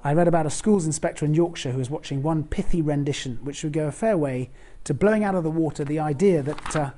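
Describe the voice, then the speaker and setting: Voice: medium pitch, dark tone. A preacher giving a conversational sermon, explaining a Bible passage and putting direct questions to the congregation.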